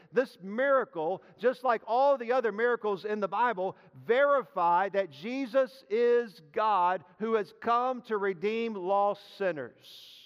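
A man's voice: sits high, clean tone, in a large hall, muffled recording. A man preaching a sermon as pastor, emphatic, often repeating key phrases.

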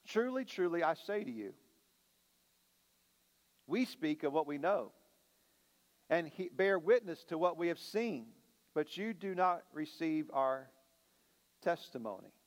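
A man preaching a sermon as a pastor, slowing down and building emphasis on key lines. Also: on the high side, sing-song, long reverb tail. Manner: preaching with dramatic slowdowns and rising emphasis.

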